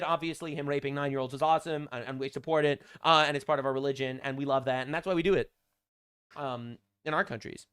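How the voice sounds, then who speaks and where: Male channel host, high lively voice, bright and sharp, sarcastic mocking commentary. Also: fast, smooth. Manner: mocking, deadpan sarcasm with frequent fillers.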